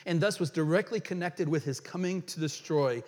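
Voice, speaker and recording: A man preaches in a slightly high voice that rings through a church hall with a long reverb. He reads scripture passages aloud and then reflects on them as a pastor. He slows down for emphasis on key questions. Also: darkish tone. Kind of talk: sermon.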